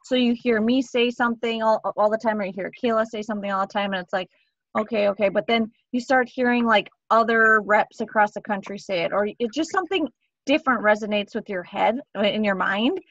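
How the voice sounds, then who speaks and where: A woman's voice: fairly high pitch, fairly quick, fairly bright tone, no echo, highs cut off. A woman leading a casual sales team meeting on a video call, upbeat and enthusiastic as she cheers people on.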